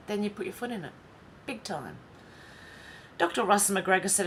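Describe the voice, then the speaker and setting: An Australian woman vlogger reads social media posts aloud and comments on them in a chatty, wry way, with sighs and asides. Her mid-range voice moves at a measured pace with long pauses, over slight background noise.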